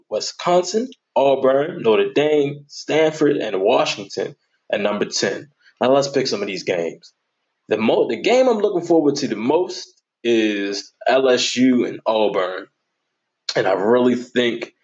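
A man's voice: mid-range voice, muffled recording. A man hosting his own sports podcast, chatting casually and animatedly as he jokes through his predictions and picks.

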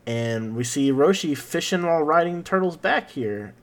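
A man's voice: fairly high pitch, lively intonation, normal speed, fairly bright tone. A man hosting a casual podcast, recapping an episode in a rambling, jokey way with lots of "uh" and "like". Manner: rambling, jokey, full of fillers like "uh" and "like".

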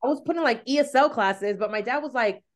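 A woman's voice: on the high side, fast. A woman podcast host, raised in the United States with Spanish as her first language, talking in a chatty way full of likes and you-knows. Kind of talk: casual chat.

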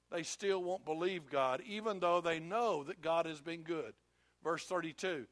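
A man's voice: fairly high pitch, normal speed, a bit bright, no room sound. A male pastor preaching a sermon, emphatic and repetitive, who speaks directly to his congregation.

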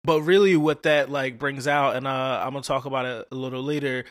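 A man hosting a podcast in a relaxed, joking, slangy way, asking questions and riffing. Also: mid-range voice, a little fast. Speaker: podcast host. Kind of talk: casual conversation.

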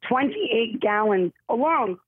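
A woman actress in a casual interview, telling stories in a rambling, self-interrupting, animated way with a husky voice. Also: fairly high pitch, takes it slowly, dry recording. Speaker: actress guest. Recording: tinny phone-like line, dry.

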